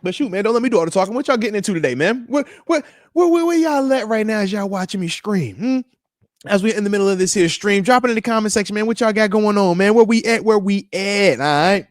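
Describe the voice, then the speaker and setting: A man's voice: high-pitched, lively intonation, fast talker, no echo, studio quality. Hype slangy man hosting a live stream. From United States. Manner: loose and hype, slangy, calls out chat comments. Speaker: podcast host. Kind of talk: live-stream chat with viewers.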